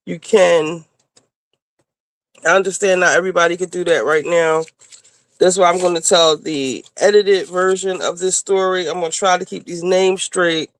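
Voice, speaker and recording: Slow-talking excitable woman streamer. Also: fairly low pitch, dry recording. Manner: excitable, shouts and near tears over new supporters. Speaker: livestream host. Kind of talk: casual livestream chat.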